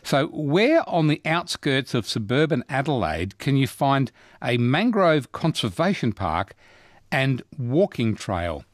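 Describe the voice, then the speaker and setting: An Australian man runs a radio quiz from the studio, chatty and quick to cheer his callers. His voice is medium in pitch, recorded close and dry. He leaps up in pitch when someone gets an answer right. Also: very animated, no room sound. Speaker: radio host. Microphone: studio microphone.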